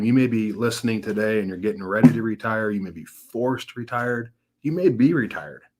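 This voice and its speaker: A man in his thirties, a financial advisor, speaks with a lowish, slightly bright voice. He's hosting a casual webinar in a folksy, upbeat style, telling stories and acting out the characters' voices.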